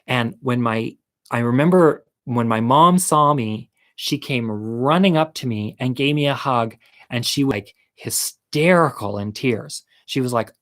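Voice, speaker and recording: Animated man telling a childhood story. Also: medium pitch, unhurried. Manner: animated, acts out quoted voices, laughs often. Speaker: storyteller vlogger. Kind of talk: casual personal storytelling.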